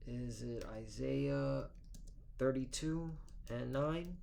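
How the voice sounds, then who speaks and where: A man's voice: medium pitch, creaky, dark tone, slight background noise. Man teaching scripture with "okay?" tags. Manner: peppers talk with "okay?" and "all right?" tags; reads scripture in a measured, formal cadence. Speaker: religious teacher. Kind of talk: scripture reading and informal sermon.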